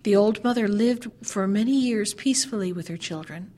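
A woman's voice: medium pitch, moderate pace, warm tone. Woman reading a fairy tale aloud. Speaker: storyteller.

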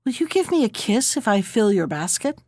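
A woman voicing a kind, wistful young man in a storybook reading, speaking softly and gently. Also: mid-range voice, big pitch swings, normal speed, dry recording, studio quality. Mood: gentle.

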